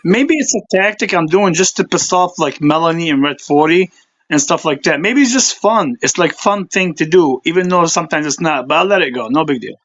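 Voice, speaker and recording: A man arguing as a panel guest, blunt and quick to interrupt. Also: on the high side, lively intonation, a bit bright, muffled recording. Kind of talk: heated panel chat.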